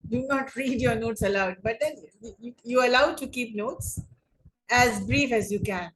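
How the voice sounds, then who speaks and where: A woman teaching an online English class on debating, speaking deliberately and often rephrasing her points. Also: fairly high pitch, low-quality recording. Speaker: English lecturer.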